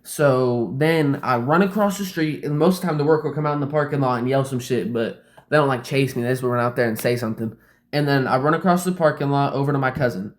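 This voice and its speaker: Man spinning a loose, profane anecdote; mid-pitched, casual, recorded in a roomy space. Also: quick pace. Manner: rambling, fills speech with "like" and swearing. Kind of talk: casual storytelling. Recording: roomy echo.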